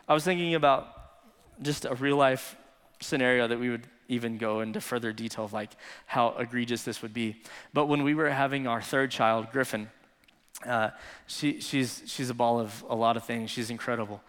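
A man's voice: mid-range voice, fairly even intonation, normal speed, fairly bright tone, clean tone, long reverb tail. A man preaching a sermon as pastor, telling stories in a casual, conversational way full of "like". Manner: conversational storytelling, frequent "like".

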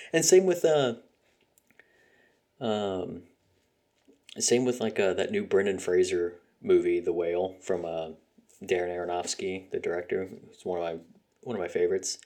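A man with a low, deep voice hosts a solo podcast, ranting in a heated, profane way. He peppers his talk with fillers and scoffing laughs, sounding fed up. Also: moderate pace, long pauses, darkish tone. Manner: frequent fillers and sarcastic laughs. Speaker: podcast host.

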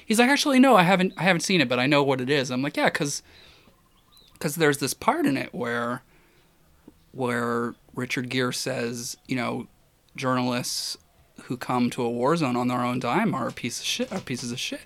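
A man telling an embarrassing story in casual chat, animated and self-deprecating, his voice dropping quiet as he trails off. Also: mid-range voice, normal speed.

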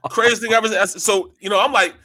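A man who played pro football, a co-host telling a story in a slangy, animated way. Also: high voice, fast talker, no room sound. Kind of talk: casual sports radio storytelling.

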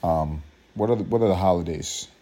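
A man in his thirties hosting a casual solo podcast, rambling and profane, with sudden high mocking outbursts. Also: fairly quick, dark tone. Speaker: podcast host.

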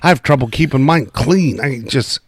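A man's voice: medium pitch, lively intonation, normal speed. A man co-hosting a casual trucking podcast, talking in a plainspoken, colloquial way and often trailing off mid-thought. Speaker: podcast co-host. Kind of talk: casual chat.

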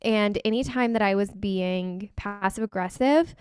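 A woman with a smooth, clear voice of middling pitch hosts a casual podcast chat, candid as she tells personal stories. The recording is dry and close. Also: unhurried, dry recording. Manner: candid, storytelling. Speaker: podcast host.

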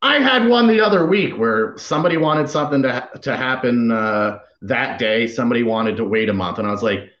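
A man's voice: mid-range voice, animated, fairly quick, few pauses, a bit bright. Profane, rambling man in a roomy, dull recording. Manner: profane, rambling, acts out exasperated quotes. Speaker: podcast guest. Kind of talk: casual podcast chat.

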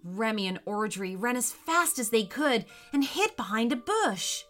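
A woman narrating a children's story in a slow, expressive way. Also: a little high, faint music behind.

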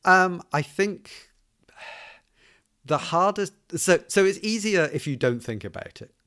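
A man's voice: high-pitched, lively intonation, a little slow, fairly bright tone, smooth. A man speaking as a podcast guest, hesitant and full of fillers and restarts. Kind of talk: conversational interview.

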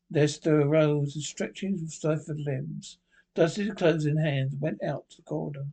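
Man reading a ghost story haltingly. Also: fairly high pitch, steady tone, warm tone, slightly rough. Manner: halting reading with misreads and restarts. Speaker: narrator.

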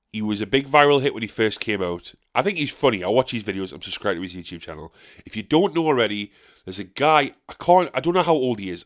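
Ranting and swearing in a casual monologue, this South Shields comedian speaks with a North East English accent. His disbelief bursts out in sharp, high-pitched exclamations.

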